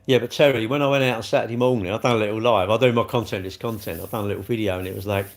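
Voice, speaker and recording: A man's voice: fairly low pitch, steady tone, rapid-fire. A man chatting casually on a livestream from his sofa at home, reading the chat and joking in a cheeky, rambling way.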